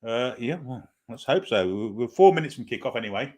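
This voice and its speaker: A man's voice: mid-range voice, animated, fairly quick, darkish tone. A man hosting a live football watchalong, chatting casually, hesitating with lots of fillers and reading viewer comments aloud before answering them. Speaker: host of a football fan watchalong stream. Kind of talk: casual live-stream chat and pre-match commentary.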